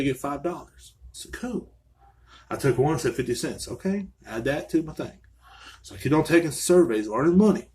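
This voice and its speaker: Male podcast host, solo rant, slightly higher voice, angry and profane throughout. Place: small room.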